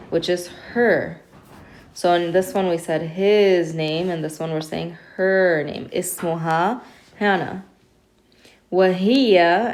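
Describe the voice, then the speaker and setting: A woman's voice: lowish voice, a little mellow. Patient woman teaching Arabic reading. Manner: patient, step-by-step explaining with slow, careful pronunciation drills. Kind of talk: recorded lesson explaining reading practice.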